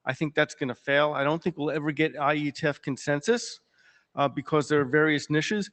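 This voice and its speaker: A man's voice: on the high side, a little fast, a bit bright. A man making short, dry, sardonic remarks at an open microphone in a meeting. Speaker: meeting participant. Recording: long hall reverb.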